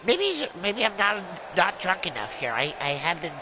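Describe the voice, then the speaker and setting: A man's voice: sits high, huge pitch swings, moderate pace, background noise. A man calling a wrestling game as a rambling, jokey streamer who plays a drunken clown persona. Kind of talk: excitable play-by-play game commentary.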